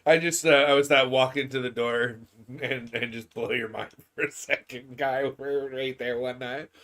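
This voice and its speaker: A man co-hosting a gaming stream in casual chat, laughing often and tripping over his words when excited. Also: mid-range voice, normal speed. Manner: laughs often, stammers and restarts, gets loud when excited.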